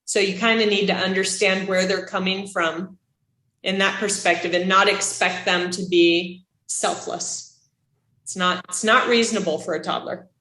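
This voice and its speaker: A woman instructor giving a casual classroom lecture, chatty and animated, asking her students questions. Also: medium pitch, moderate pace. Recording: echoey room.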